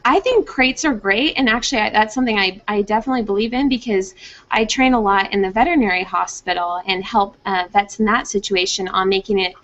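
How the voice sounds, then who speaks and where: A young woman who trains pets gives conversational advice over a video call, speaking a little fast in a mid-range voice. She brings it to life by acting out dogs' thoughts in playful voices, though the call audio sounds muffled and dull.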